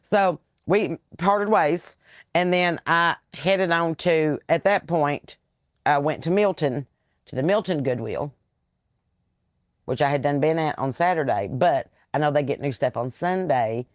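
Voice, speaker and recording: A woman with a Southern US accent chats through rambling stories in a loose, casual way, slipping into animated voices when she quotes people. She is a comedian hosting a relaxed live chat from home. The sound is dry and close, with almost no room around it. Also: low voice, unhurried, no echo. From American South. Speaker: comedian and podcast host.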